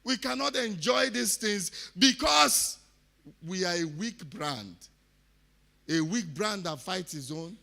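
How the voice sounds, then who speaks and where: A man from Delta State with a Nigerian accent, giving an impassioned speech at a summit, repeating phrases and swinging from quiet to loud. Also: high voice, lively intonation, takes it slowly, creaky. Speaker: summit speaker. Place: conference hall.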